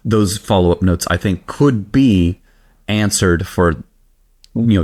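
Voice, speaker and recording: A man with a very deep voice that swings widely in pitch as he talks. He co-hosts a casual podcast, rambling and animated, often poking fun at himself. His delivery is chatty and unpolished. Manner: animated, rambling, self-deprecating. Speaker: podcast co-host. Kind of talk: casual chat.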